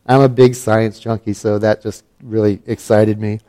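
A man's voice: on the low side, little pitch movement, normal speed, dark tone. A middle-aged man from Alaska telling a personal story in a casual, wry and self-mocking way, with plenty of fillers and restarts.

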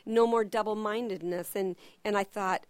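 A middle-aged woman gives a sermon-style teaching full of personal stories. She tells them in an animated way and acts out the voices. Her voice sits at an ordinary pitch, and the sound is dry and close. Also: normal speed, no room sound. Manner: animated storyteller who acts out quotes. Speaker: church ministry teacher.

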